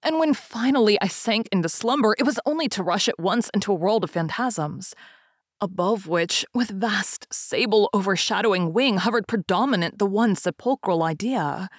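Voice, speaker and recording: A woman's voice: medium pitch, lively intonation, normal speed, dry recording. Woman reading a gothic tale, dry. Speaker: reader.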